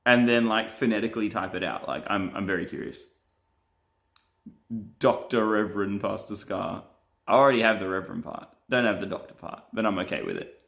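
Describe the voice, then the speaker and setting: A man's voice: fairly low pitch, brisk, gravelly, a bit bright. A young man, a pastor and live streamer, chatting casually and playfully as he reads viewer comments and laughs often.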